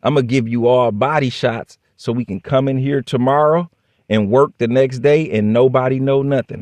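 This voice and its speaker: A man's voice: mid-range voice, animated, normal speed, dry recording, clean studio sound. A man casually telling a workplace story straight to the camera, blunt and profane, acting out both sides of the dialogue. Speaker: vlogger.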